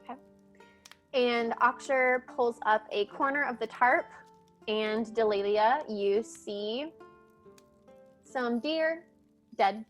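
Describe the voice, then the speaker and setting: A woman running a tabletop game, describing scenes in a halting way full of restarts and fillers. Her voice sits fairly high. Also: soft background music. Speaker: game master.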